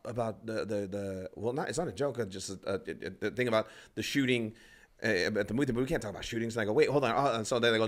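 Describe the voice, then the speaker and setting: A stand-up comedian guesting on a podcast races through a rambling story, voicing other people's lines and swearing freely. His voice sits on the lower side.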